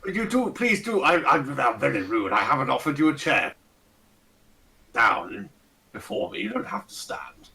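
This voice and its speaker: A man performing a pompous fat old nobleman with a monocle. He is bright-toned and fussy, stammering apologies and bursting into oaths. He pitches his voice up now and then. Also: very animated, normal speed, gravelly, recorded from a distance, heavily acted. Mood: apologetic. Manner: flustered, fussy and apologetic, sudden swearing.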